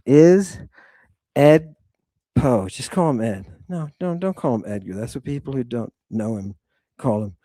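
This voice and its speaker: Slow, theatrical male lecturer. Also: mid-range voice, dry recording. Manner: theatrical, swings from hushed to ranting, swears freely. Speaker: host lecturing on ancient texts. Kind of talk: dramatic lecture to an online audience.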